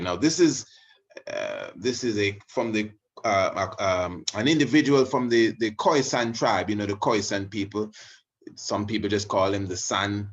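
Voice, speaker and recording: A man, teaching in a rambling casual monologue full of asides. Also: on the low side. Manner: rambling, many you-knows and restarts. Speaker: religious video host. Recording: muffled lo-fi audio.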